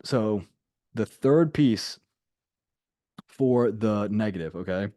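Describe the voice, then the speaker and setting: A man's voice: on the low side, slow pace, mellow, no echo, studio quality. A man leading a group coaching call, talking casually and emphatically and repeating his key points. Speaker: sales coach.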